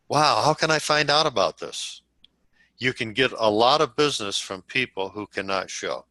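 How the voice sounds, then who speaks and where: Brief: male sales trainer, bright forceful tone, dry close sound, deliberate pacing, acts out example calls. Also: medium pitch, expressive, no room sound, poor audio. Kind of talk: coaching talk to a group.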